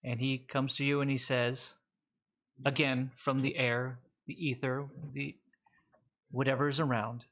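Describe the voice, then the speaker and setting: A man narrating a tabletop game as game master, in slow, drawn-out narration. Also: medium pitch, level tone, a bit bright. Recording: dull lo-fi audio.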